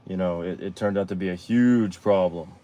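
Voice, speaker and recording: A man hosting a live show, telling a personal story in a rambling, halting way full of fillers and restarts. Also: sits low, mellow. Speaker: show host. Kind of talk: casual storytelling on a live stream.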